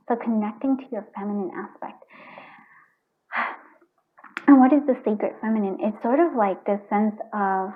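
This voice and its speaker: A woman doing a casual tarot card reading, chatty and earnest, thinking aloud and restarting her sentences. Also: mid-range voice. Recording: tinny phone-like sound.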